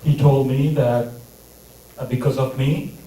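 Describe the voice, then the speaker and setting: A man doing a stand-up comedy set with a deadpan, mock-serious delivery. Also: mid-range voice, measured pace, slight background noise. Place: comedy theater stage. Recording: echoey theater mic from a distance.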